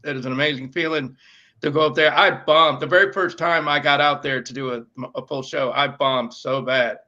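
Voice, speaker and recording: A man's voice: medium pitch, fairly even intonation, a little fast, pushed and bright. A man with a New York accent, co-hosting a casual podcast chat, rambling with many fillers and restarts. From northeastern United States. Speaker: podcast producer and co-host. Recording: dull lo-fi sound.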